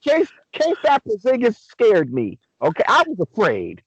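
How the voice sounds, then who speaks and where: A young man on a casual sports podcast, ranting excitably and swearing a lot. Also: sits high, a little slow, slightly rough, no room sound, dull audio. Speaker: podcast co-host.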